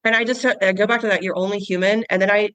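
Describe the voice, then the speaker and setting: A woman's voice: mid-range voice, fairly even intonation, quick pace, a bit bright, dry recording, rough recording. A woman in her forties, a podcast guest and author, telling stories in an earnest, heartfelt way with frequent restarts. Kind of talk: casual interview chat.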